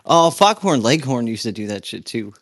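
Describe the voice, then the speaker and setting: A man's voice: medium pitch, big pitch swings, normal speed, a bit bright, no room sound. A man telling a rambling, profanity-filled anecdote in casual chat.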